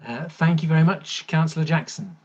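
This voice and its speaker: A man chairs a council planning meeting over a video call, calling names and moving business along briskly between hesitant fillers. His voice comes through slightly dull and muffled. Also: fairly high pitch, a little mellow. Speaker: committee chair.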